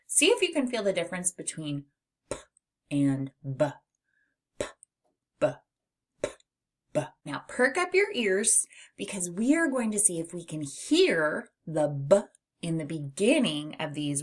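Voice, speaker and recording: A woman teacher giving a phonics lesson to young children in a slow, clear, sing-song voice. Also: fairly low pitch. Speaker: reading teacher.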